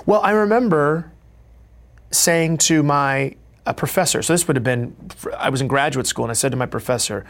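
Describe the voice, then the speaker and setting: Middle-aged actor guy telling stories in an interview, lively, kinda higher voice. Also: normal speed. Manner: animated storyteller, acts out quotes. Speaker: actor and guest. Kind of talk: reflective interview talk.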